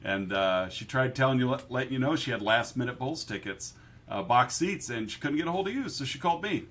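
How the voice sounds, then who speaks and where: A man's voice: medium pitch, lively intonation, fairly quick, a bit bright. A young adult man co-hosting a movie podcast, joking and rambling with many restarts. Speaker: podcast co-host. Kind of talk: casual chat.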